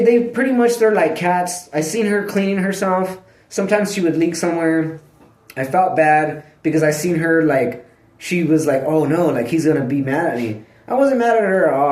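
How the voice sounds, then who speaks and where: A man talks to the camera at home in loose, rambling chat, his voice sitting a little high. He swears freely, leans on filler words and keeps clearing his throat. The sound bounces around an echoey room. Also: a little mellow. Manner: rambling, profane, full of "like" fillers. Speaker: vlogger.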